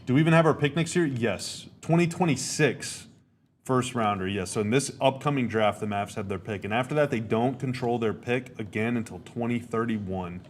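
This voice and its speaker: A man's voice: medium pitch, moderate pace, slight background noise. A man hosting a podcast, giving casual live reactions to a game, rambling, repeating himself and stating blunt opinions. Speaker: podcast host.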